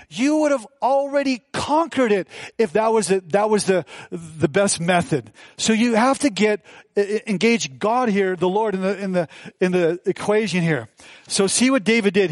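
A man's voice: high-pitched, dry recording. A male pastor teaching a sermon in a loose, conversational way, full of asides and fillers.

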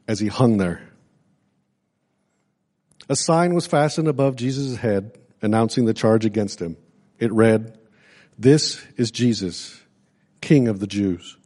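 A man on a church staff reading a scripture passage aloud in a measured way. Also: medium pitch, a little mellow.

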